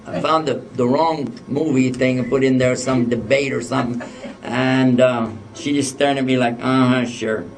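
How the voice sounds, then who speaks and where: A man's voice: mid-range voice, steady tone, normal speed. Guy lecturing, telling a funny story, acts out the back and forth, mic a bit far off. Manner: humorous, anecdotal, acts out dialogue. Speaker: religious lecturer.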